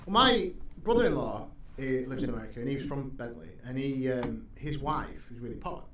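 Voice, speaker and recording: A man, a stand-up comedian chatting as a podcast guest, rambling and sweary, quick to laugh. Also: medium pitch, animated. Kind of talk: casual podcast chat. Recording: roomy echo, faint background hum.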